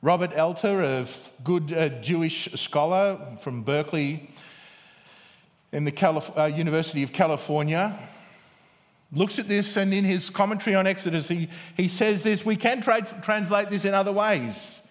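Guy giving a sermon, kinda high voice, big echoey hall, keeps going "isn't it?". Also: normal speed. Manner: asks the congregation "isn't it?" often, with restarts. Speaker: preacher. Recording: long reverb of a large hall.

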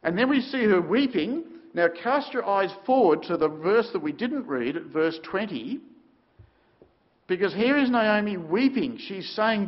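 A man preaches a sermon, telling the story dramatically with abrupt swings between loud and quiet. His high-sitting voice is sing-song and a little slow, and the sound is lo-fi.

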